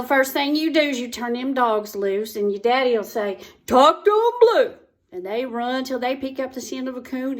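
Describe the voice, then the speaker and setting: A woman's voice: fairly high pitch, darkish tone. A woman telling a folksy comic story in a drawl, repeating words for effect.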